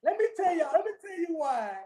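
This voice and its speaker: A woman co-hosting a sports podcast, telling stories in a lively way, laughing often and tagging lines with "okay?". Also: extremely high pitch, fast. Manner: animated storyteller, keeps repeating okay, laughs often. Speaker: podcast co-host. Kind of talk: casual sports chat.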